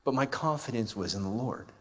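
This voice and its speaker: A man gives a heartfelt personal testimony from a conference stage, speaking into a microphone before a large live audience. His delivery is conversational and emotional, loose with fillers, on a voice of ordinary middle pitch. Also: lively intonation, fairly quick, a bit bright. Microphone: handheld or stage microphone.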